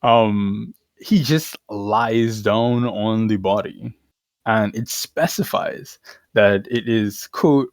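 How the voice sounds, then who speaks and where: A podcast co-host casually retells stories, irreverent and slangy, laughing along the way. His voice sits on the low side and he takes it slowly, with no room sound in this casual chat.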